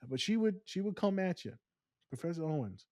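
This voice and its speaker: A man co-hosting a podcast, talking casually and telling stories in long, animated rants. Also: on the high side, brisk, no echo, studio quality. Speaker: podcast co-host.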